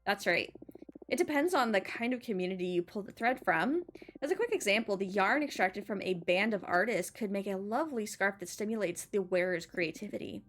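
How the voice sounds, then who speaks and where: A woman's voice: mid-range voice, animated, a little fast, a bit bright, faint music behind. A woman reading aloud the lines of a shy, nervous female spider witch with many arms, hesitant and apologetic. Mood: earnest. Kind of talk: reading game dialogue aloud.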